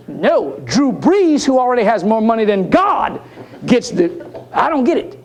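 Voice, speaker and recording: High-voiced, animated male keynote speaker. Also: measured pace, gravelly. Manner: animated, jokey, talks straight to the audience. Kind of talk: storytelling conference talk. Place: conference hall.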